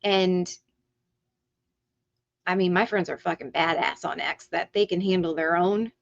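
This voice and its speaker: A woman's voice: lowish voice, steady tone, measured pace, gravelly. A woman hosting a livestream who rants heatedly, swears freely and. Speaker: livestream host. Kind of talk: ranting livestream talk. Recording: dull lo-fi stream audio.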